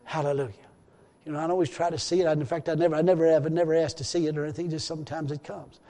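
A man's voice: on the high side, flat delivery, rapid-fire, warm tone, long reverb tail. A man preaching a rambling, repetitive sermon in a church, full of hallelujahs. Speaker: pastor.

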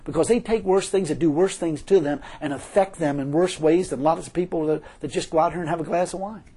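A man's voice: fairly high pitch, fast, mellow, husky. A man preaching an informal sermon mixed with his own testimony, talking conversationally, repeating phrases and chuckling often.

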